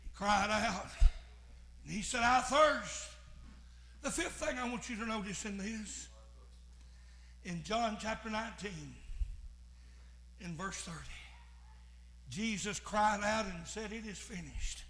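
A man preaches in a high, bright voice, taking his time over each phrase. He swings from hushed passages to fervent, shouted preaching. The sound carries the echo of a church room. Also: unhurried, pauses often. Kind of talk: sermon.

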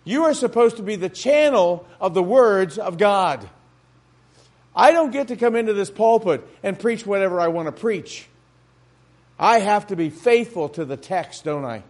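A man's voice: high voice, lively intonation, moderate pace, a little mellow. A man pastor preaching a sermon in a church, talking to the congregation with frequent rhetorical questions.

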